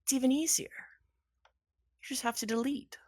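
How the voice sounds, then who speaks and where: A woman's voice: high voice, steady tone, moderate pace, mellow, no room sound, voice pushed up. A woman voicing a smug, condescending male villain king who taunts with silky, gleeful menace. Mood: taunting.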